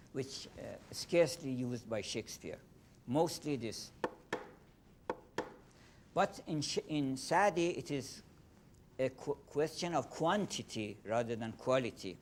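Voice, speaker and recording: An older man with a Persian accent giving a lecture on poetry, halting and full of fillers and restarts, speaking in a room with a faint low rumble. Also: animated. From Iran.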